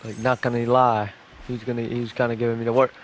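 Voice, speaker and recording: A young man giving live, excitable commentary over his own gameplay, swearing and shouting at sudden plays. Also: medium pitch, fast, a little hiss or hum. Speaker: gaming YouTuber.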